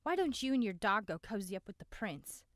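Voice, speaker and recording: A woman voicing a surly young man who sneers and snarls, read louder than her narration in a close, dry recording. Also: medium pitch, big pitch swings, brisk, dry recording, natural voice. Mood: snarling.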